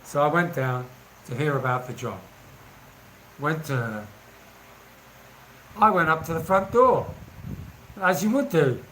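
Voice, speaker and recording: A man in his sixties tells anecdotes in a chatty, casual way and laughs easily. His voice sits slightly high for a man. Faint ambient noise can be heard behind him. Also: animated, unhurried, pauses often, fairly bright tone, low-quality recording. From England. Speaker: vlogger. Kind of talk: casual storytelling.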